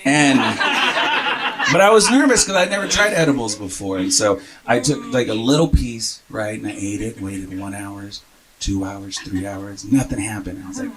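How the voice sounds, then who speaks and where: A man doing a stand-up comedy set on a club stage, telling a story and building to loud shouted punchlines. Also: medium pitch, animated, moderate pace. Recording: live club set with crowd. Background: audience laughing.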